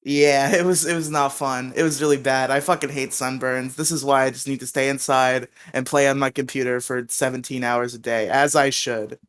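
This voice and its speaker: A man's voice: medium pitch, fairly even intonation, moderate pace, hardly any pauses, fairly bright tone, clean tone. A young man co-hosting a podcast, telling rambling stories in casual chat, swearing often and laughing at himself. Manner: rambling, swearing, self-mocking with frequent laughs. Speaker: podcast co-host.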